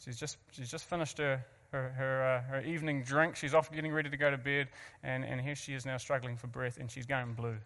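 A man's voice: medium pitch, fairly even intonation, brisk, few pauses, fairly bright tone, big-room sound. A man from New Zealand with a New Zealand accent, earnestly telling an audience his personal story with self-mocking asides and frequent restarts. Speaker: guest speaker.

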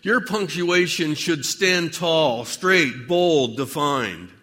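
A man preaching a dramatic sermon monologue addressed to God, with measured, theatrical delivery and long pauses. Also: on the high side, lively intonation, sharp tone, long reverb tail.

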